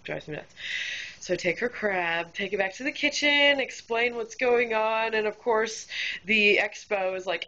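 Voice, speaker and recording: In a casual storytelling vlog, a woman who works as a restaurant server recounts a difficult customer, candid and exasperated, with lots of fillers. Her voice is a little high, pushed and bright, unhurried, captured in a dull, lo-fi home recording.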